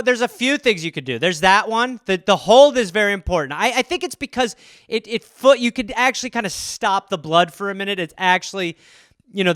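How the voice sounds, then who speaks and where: High, bright-voiced man riffing jokes. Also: clear, resonant tone, no room sound, studio quality. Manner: rambling, profane, jokey, slips into quick silly voices. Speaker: comedy podcast host. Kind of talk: solo comedic riffing on listener topics.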